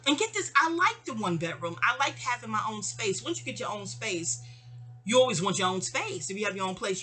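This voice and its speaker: A woman's voice: medium pitch, bright, forceful tone. A middle-aged woman telling a long personal story in a casual, rambling way, often digressing. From New York.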